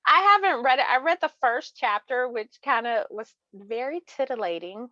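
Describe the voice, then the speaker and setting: A woman's voice: a little high, lively intonation, moderate pace, bright, forceful tone, dry recording. A chatty woman author talks through her reading picks, laughing often and circling back on her words. Her voice is dull and lo-fi, with a dry, close sound. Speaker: author and interview guest. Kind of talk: casual chat about books.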